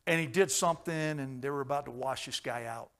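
A man preaching a sermon, telling stories with folksy jokes and chuckles, swinging from hushed tones to loud, fervent passages. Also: mid-range voice, brisk.

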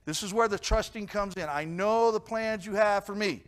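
A man preaching a sermon in church, questioning his congregation and swinging between emphatic loud lines and quiet low ones. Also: normal speed. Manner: repeats and restarts words, asks questions of the congregation. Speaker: pastor.

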